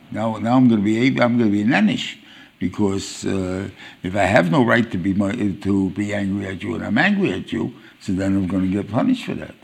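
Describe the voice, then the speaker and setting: A man giving an informal Torah lecture as a rabbi, halting and restarting as he searches for words. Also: lowish voice, expressive, gravelly, a little mellow, slight background noise. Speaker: rabbi teaching a weekly Torah class.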